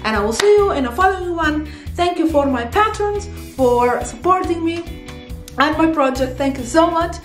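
A woman's voice: extremely high pitch, expressive, normal speed, roomy sound, soft background music. A woman teaching Arabic expressions in a casual, playful online lesson, laughing often and switching between English and Arabic.

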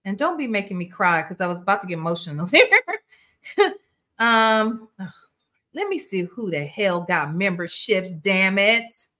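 In a mid-range voice that moves a little slowly, a woman hosts a casual reaction stream. She addresses her viewers with animated, outspoken commentary full of swearing.

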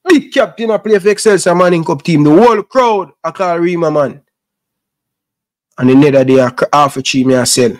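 A Jamaican man with a high voice holds forth to his audience in thick Patois. He sounds middle-aged and impassioned, preaching about patience and hustle as host of his own sports channel. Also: fairly quick. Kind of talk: casual rant to camera.

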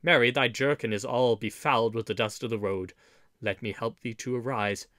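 A man doing a sly, low-voiced outlaw. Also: steady tone, normal speed, fairly bright tone, no room sound, clean studio sound, close to an everyday voice. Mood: mock-concerned. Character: big sly outlaw companion, adult man, teasing. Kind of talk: audiobook character reading.

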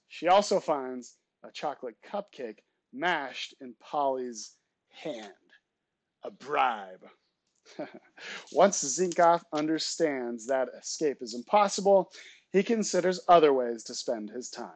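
A male teacher reading a novel aloud to his students, with relaxed, chatty asides between passages. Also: on the high side, dry recording.

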